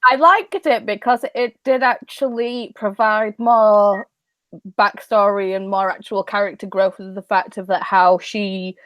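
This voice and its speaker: Mid-pitched woman, dry close sound. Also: fairly even intonation, measured pace, a bit bright, no echo. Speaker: guest on a book live show. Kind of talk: casual chat.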